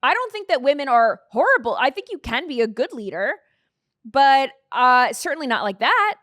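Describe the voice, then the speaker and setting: Brief: woman host, opinionated live-stream talk, slightly high voice, dry close sound. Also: sing-song, normal speed, fairly bright tone, no room sound. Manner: opinionated, conversational, reads out comments.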